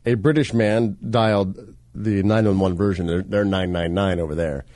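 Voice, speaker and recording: A man's voice: low-pitched, steady tone, normal speed, darkish tone, no room sound, clean studio sound. A man co-hosting a casual comedy talk show, reading odd stories and joking around. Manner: joking, puts on silly voices. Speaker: podcast co-host.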